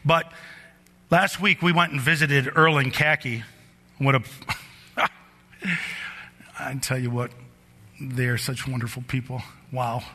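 Long hall reverb surrounds a middle-aged pastor preaching in a church sanctuary. Unhurried and pausing often, he tells personal stories animatedly, growing higher and louder as they build toward their peak.

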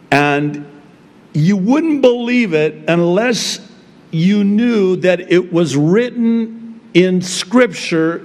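A man preaching a sermon as pastor, opening in prayer and then speaking with slow, emphatic delivery. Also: high voice, a little mellow, in a large hall.

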